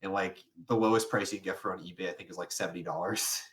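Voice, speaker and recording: A man's voice: low-pitched, steady tone, quick pace, a bit bright. A young man co-hosting a casual podcast, rambling and restarting, often laughing as he talks. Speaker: podcast co-host. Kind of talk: casual chat.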